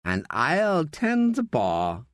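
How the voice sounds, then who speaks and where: A man's voice: on the high side, wildly swooping pitch, extremely slow, no echo, studio quality, pitched above the performer's own voice, heavily acted. A man doing a drunk, scornful journalist. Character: drunk, combative male journalist.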